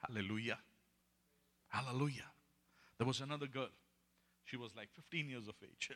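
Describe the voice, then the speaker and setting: A man preaching and telling testimony stories, swinging between hushed and loud, laughing often. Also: medium pitch, long reverb tail. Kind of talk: sermon storytelling.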